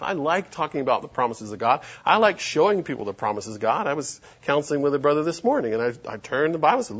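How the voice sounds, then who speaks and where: A man preaching a sermon and reading scripture aloud, emphatic and animated. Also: on the high side, fast talker, hardly any pauses, husky, highs cut off.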